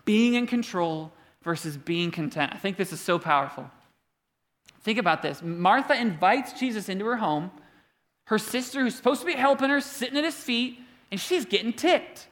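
A man in his thirties delivering a sermon, telling stories with humor and lively delivery. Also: high voice, normal speed. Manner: animated storytelling with humor. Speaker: preacher.

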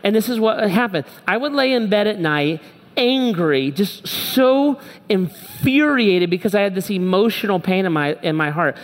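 A man's voice: high-pitched, lively intonation, normal speed. Pastor, middle-aged man: frank, emphatic sermon delivery with repeated phrases, recorded in a big echoing hall. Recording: long reverb from a large hall.

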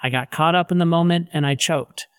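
A man's voice: fairly high pitch, fairly quick, clear, resonant tone, dry recording, clean studio sound, lightly acted. A man voicing Peter, an impulsive, devoted fisherman, in blunt, casual modern talk. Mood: heartfelt.

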